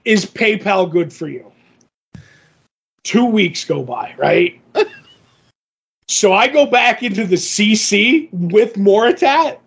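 Brief: husky, high-pitched male podcast co-host, animated storyteller, lo-fi audio. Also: slow, long pauses. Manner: animated, acts out others' lines in the story. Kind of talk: casual storytelling chat.

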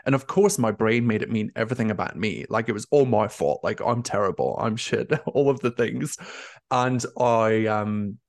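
A man's voice: on the low side, moderate pace, gravelly, no room sound, clean studio sound. Candid young male nurse coach. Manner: open, emotional, lots of filler "like". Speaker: nurse career coach, guest. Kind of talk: candid conversational interview.

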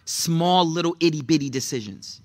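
A young man giving a casual, animated sermon to young people, telling stories in slang and acting out the people in them. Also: on the high side, moderate pace. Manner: animated, slangy, storytelling with quoted voices. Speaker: religious teacher.

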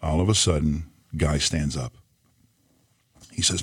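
A pastor with a very low voice, speaking close and dry into the microphone. He tells his story earnestly, with pauses where the emotion catches up with him. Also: fairly even intonation, fairly bright tone, husky, dry recording. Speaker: pastor and podcast co-host. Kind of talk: storytelling in podcast conversation.

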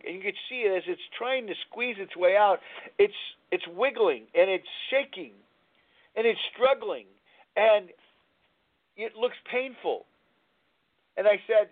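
A man's voice: sits high, moderate pace. A man hosting a recovery talk radio show, telling a story in a rambling way and searching aloud for words, heard over a tinny phone-like line. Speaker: radio host.

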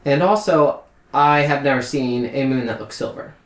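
A man's voice: medium pitch, normal speed, slight background noise, close to an everyday voice. A man voicing a skeptical, matter-of-fact female scholar who lectures and dismisses ideas. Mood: dismissive. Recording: roomy echo.

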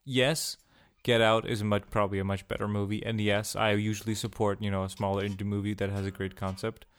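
A man co-hosting a casual podcast, jokey and quick to laugh. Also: fairly low pitch, flat delivery, smooth. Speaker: podcast co-host. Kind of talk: casual chat.

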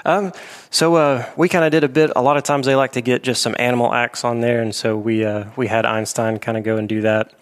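A man's voice: mid-range voice, fairly even intonation, brisk, few pauses. A man working as an animal trainer, telling stories in a casual interview, with frequent restarts and fillers.

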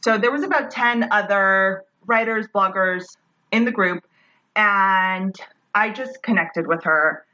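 A woman's voice: medium pitch, sharp tone, lo-fi sound. A woman hosting a podcast, talking in a bubbly, gushing, chatty way. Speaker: podcast host. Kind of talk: casual podcast intro.

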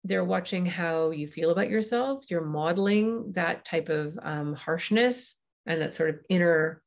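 A woman's voice: lowish voice, measured pace. A woman hosting a parenting podcast, explaining ideas in a conversational way with frequent ums and uhs. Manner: warm explanatory, frequent fillers.

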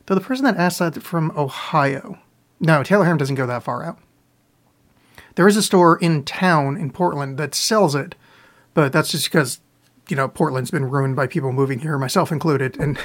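A man with a slightly high voice chats on a live podcast stream, with a sore throat. He rambles from one listener question to the next, swears freely and mocks himself as he talks. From US East Coast. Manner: rambling, profane, self-mocking. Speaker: podcast host. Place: home, live on video stream.

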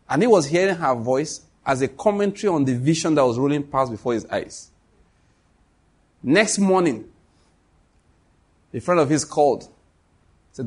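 A man's voice: mid-range voice, a little mellow, breathy edge. A man preaching a sermon, telling a story and acting out the dialogue between God and the prophets.

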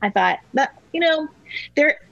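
A woman, a podcast guest and author, talking in an earnest, reflective way in measured full sentences. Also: high voice, expressive, vocal fry, fairly bright tone, no echo, dull audio. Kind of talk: conversational interview.

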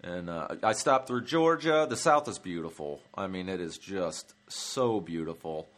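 A man's voice: deep voice, lively intonation, measured pace, a bit bright. A man hosting a comedy travel podcast, rambling through a profane monologue with lots of ums and uhs. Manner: rambling, profane, many fillers.

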